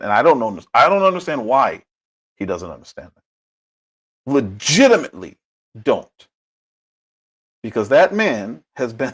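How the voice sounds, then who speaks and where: A man hosting a political commentary livestream, talking in an emphatic, animated way with a husky voice. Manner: animated, emphatic, with big pitch swings.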